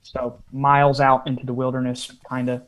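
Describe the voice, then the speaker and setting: A man's voice: mid-range voice, monotone, normal speed. A man, a podcast guest, telling a long story in a casual interview style with frequent asides.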